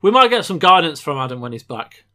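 A young English man co-hosting a podcast, excitable and chatty with frequent stammering restarts. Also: a little high, fast. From England. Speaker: podcast co-host. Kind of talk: casual podcast chat.

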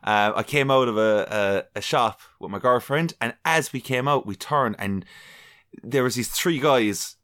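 A young adult Irish man telling an embarrassing story on a podcast, animated and swearing freely. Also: medium pitch, unhurried. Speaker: podcast co-host. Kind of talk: casual storytelling chat.

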